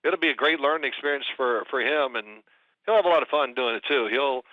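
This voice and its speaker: Older man telling lively stories. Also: medium pitch, brisk, dry recording. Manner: animated storyteller, mimics shouting in anecdotes. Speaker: guest. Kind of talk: casual podcast chat. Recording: dry, muffled audio.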